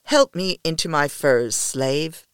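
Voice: slow pace, a bit bright, clean tone, dry recording, clean studio sound. A reader voicing a capricious, commanding young noblewoman in an audiobook, teasing and haughty by turns. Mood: cruel. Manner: commanding, teasing, raised pitch and volume. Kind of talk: audiobook reading of a novel.

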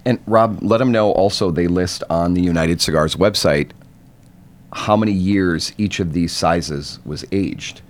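A man with a very low voice talks through flavors in a casual podcast chat. He lays out tastes carefully, reaching for comparisons to food and drink. He speaks as an easygoing co-host, building his descriptions point by point. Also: measured pace. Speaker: podcast co-host reviewing cigars.

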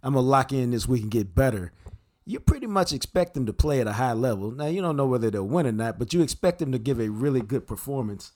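A man's voice: medium pitch, animated, fast talker, darkish tone. A man co-hosting a casual sports talk podcast, breaking down games in a laid-back, blunt, analytical way. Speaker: football analyst co-host.

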